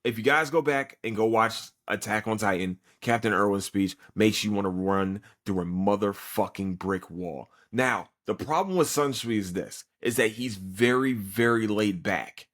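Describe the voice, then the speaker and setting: Male podcast host for a loose, swearing recap full of restarts, sitting slightly low in pitch. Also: moderate pace, hardly any pauses, fairly bright tone. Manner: rambling, profane, frequent restarts. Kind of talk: casual anime episode recap.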